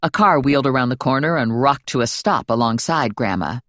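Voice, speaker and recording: A woman narrating a first-person audiobook with a wry, expressive and playful delivery on a close studio mic. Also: very deep voice, a little fast, no room sound.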